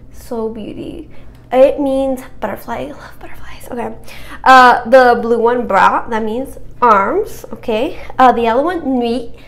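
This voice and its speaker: A cheerful young woman walking through a French vocabulary quiz in a casual, chatty way, encouraging herself and stumbling over hard words. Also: on the high side.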